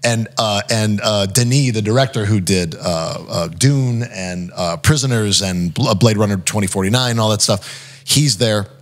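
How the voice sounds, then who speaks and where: A lower-pitched man talks through backstage stories in relaxed, casual chat. He keeps slipping into quick impressions of the people he quotes, padding his lines with fillers as he goes. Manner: animated, acts out quotes, frequent fillers. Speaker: podcast guest, actor.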